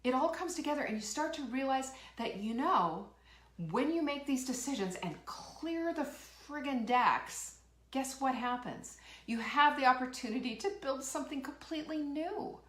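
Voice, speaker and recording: With a high, animated voice at a moderate pace, a woman hosts a live motivational talk show in an echoey room. She speaks with fiery emphasis, asks rhetorical questions, and laughs as she reads out viewer comments.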